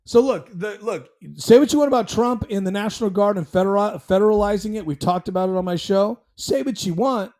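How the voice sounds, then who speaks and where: A man hosts his own commentary show, talking at a desk mic in a blunt, heated way. His voice sits a little high yet sounds dark and mellow. He rambles, restarts sentences and fills gaps with ums. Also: fairly quick, few pauses. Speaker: show host. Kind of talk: casual commentary stream.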